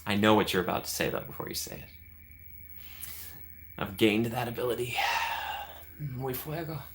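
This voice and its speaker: A man's voice: mid-range voice, expressive, unhurried, gravelly, a little hiss or hum. A man hosting a casual live stream, chatting with viewers by name and laughing often.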